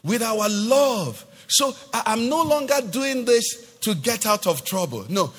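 A man preaching a sermon in a church, emphatic, asking his congregation questions and now and then singing a phrase or rising to a shout. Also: high voice, big pitch swings, measured pace. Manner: sings some phrases, rises to shouts. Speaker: pastor. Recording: long hall reverb.

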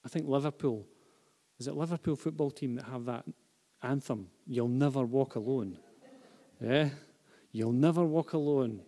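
A man preaching a sermon to a congregation, swinging from hushed, intimate phrases to loud, repeated emphasis. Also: mid-range voice. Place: church hall with a live and online congregation. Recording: long reverb of a large hall.

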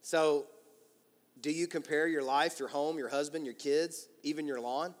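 A man preaching a sermon to his church, animated and acting out inner voices with quick asides to the congregation. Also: fairly high pitch, in a large hall. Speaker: pastor. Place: large church hall.

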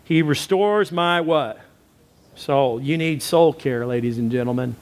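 A man's voice: medium pitch, a little slow. A man, a pastor, preaching a sermon with emphatic repetition and direct appeals to his listeners.

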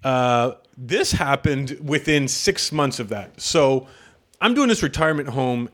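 A man who is a stand-up comic telling a story on a podcast, animated and profane, laughing often. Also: medium pitch, a little slow.

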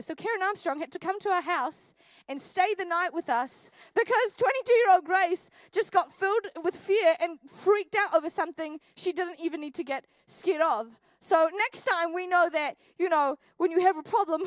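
Young nz woman pastor, high voice, jokey and dramatic, dry close sound. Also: normal speed, no room sound. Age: 20s. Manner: animated, jokey storyteller acting out scenes. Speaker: youth pastor. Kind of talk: sermon with personal story. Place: church hall.

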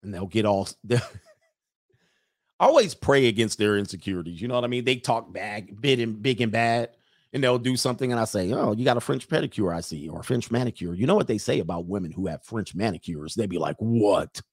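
A man's voice: lowish voice, lively intonation, fairly quick, no echo, clean studio sound. A man hosting a casual livestream, reading viewer messages, joking, laughing often and mimicking people.

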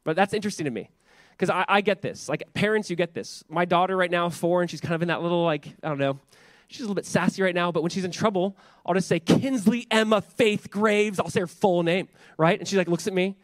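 A fast-talking man in his thirties with a voice that sits high preaches a church sermon. As a pastor, he keeps things conversational, saying "like" often and repeating words, in a studio-quality recording with no echo.

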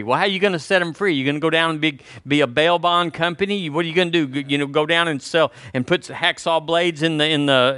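A man's voice: fairly high pitch, pushed and bright, clear, resonant tone, no room sound. An older man, preaching a sermon to his congregation in a folksy, conversational way. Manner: folksy, conversational preaching with y'all and homespun examples. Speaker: pastor.

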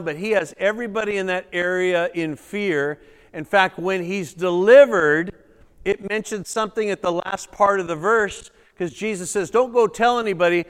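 A male pastor preaching a sermon, reading scripture dramatically and breaking into animated asides to the congregation. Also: high-pitched, smooth. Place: church sanctuary. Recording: reverberant church hall.

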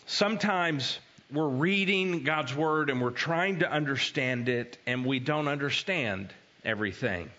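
A man preaching a conversational sermon as an animated storyteller. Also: mid-range voice, highs cut off. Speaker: pastor.

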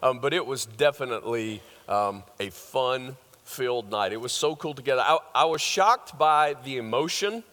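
A man's voice: mid-range voice, expressive, normal speed, hardly any pauses, pushed and bright. An older man preaching a sermon as pastor, conversational and joking, with lots of fillers and restarts. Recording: long hall reverb.

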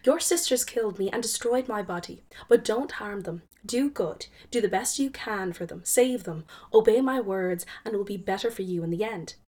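A woman's voice: medium pitch, moderate pace, hardly any pauses, a little mellow, close to an everyday voice. A woman storyteller voicing a mother who returned as a cat, speaking earnestly to her daughter. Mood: urgent. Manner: earnest, pleading instructions. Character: ghostly mother cat, gentle yet commanding.

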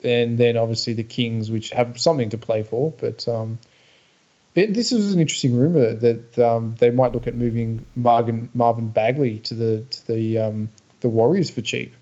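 A man's voice: mid-range voice, moderate pace, warm tone, lo-fi sound. An Australian man co-hosting a podcast, talking casually and bluntly about basketball, with dry opinions and many fillers. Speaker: podcast co-host. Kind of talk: casual sports chat.

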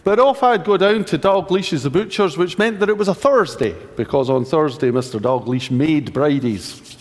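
A man's voice: fairly high pitch, normal speed, big-room sound. A man with a Scottish accent preaching a sermon, telling a personal story with dry humor and rhetorical questions. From Scotland.

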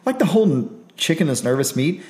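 A man's voice: fairly high pitch, very animated, fairly quick, a little mellow. A man talks college football in a loose, joking way. His voice sits in a roomy, echoing space. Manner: joking, easily amused. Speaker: podcast co-host. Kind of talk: casual sports talk. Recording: roomy echo.

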